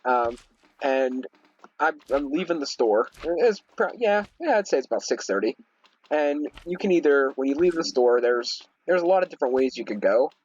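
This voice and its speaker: Husky man rambling through a story. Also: mid-range voice, lively intonation, normal speed, darkish tone, lo-fi sound. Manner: rambling, many fillers and restarts. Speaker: gaming video host. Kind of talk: casual storytelling over gameplay.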